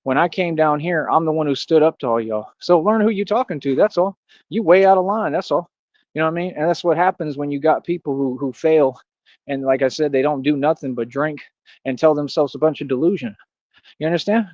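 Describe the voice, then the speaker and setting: A young man from Austin, livestreaming a boastful, taunting rant full of street slang and repeated catchphrases. His voice sits on the higher side for a man. The recording is dry and close, with no room sound. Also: a little fast, darkish tone, no room sound, lo-fi sound. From Austin, Texas. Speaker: streamer. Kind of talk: live stream monologue.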